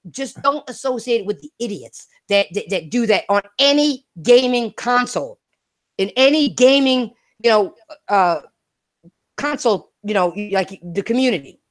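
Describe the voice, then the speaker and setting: A woman's voice: a little high, expressive, moderate pace. A woman hosting a casual gaming talk stream, brash and profane, laughing hard and repeating herself. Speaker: streamer and podcast host.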